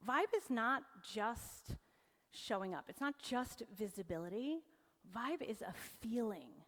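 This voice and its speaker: A woman's voice: fairly high pitch, animated, slow, a bit bright. A woman in her forties giving a humorous motivational talk to a live audience, teasing and joking as she goes. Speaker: keynote presenter. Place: event hall on stage. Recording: long hall reverb.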